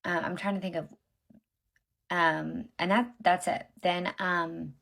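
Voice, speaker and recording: A woman's voice: on the low side, fairly even intonation, slow, vocal fry, a bit bright. A woman in her thirties telling her own story to viewers in a blunt, profane, exasperated way, talking straight to them. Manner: addresses viewers directly as y'all. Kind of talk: casual storytime monologue.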